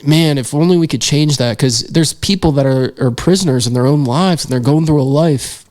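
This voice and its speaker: A man's voice: a little high, a little fast, a little mellow. A young man, a podcast guest and filmmaker, telling a story in a casual interview, earnest and reflective with many fillers.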